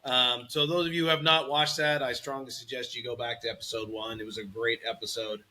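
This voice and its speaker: A man hosting a podcast, chatting casually in an animated, rambling way and laughing easily. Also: mid-range voice, brisk. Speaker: podcast host.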